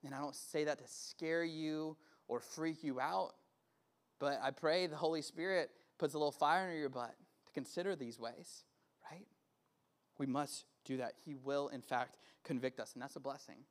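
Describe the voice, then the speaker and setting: A male pastor with a fairly high, fairly even voice at normal speed preaches casually, repeatedly checking in with "right?" He then leads the room in prayer, growing loud and fervent.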